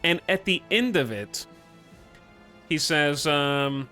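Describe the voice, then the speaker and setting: Guy streaming from home, joking around, animated, quiet music behind. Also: on the high side, takes it slowly, pauses often. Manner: joking, animated, laughs often. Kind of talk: casual live-stream chat.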